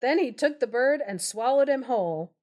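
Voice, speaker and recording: A woman's voice: on the high side, expressive, moderate pace, darkish tone. A woman telling a fairy tale on a live stream, narrating steadily and breaking off for playful, giggly asides. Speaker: storyteller, podcast co-host.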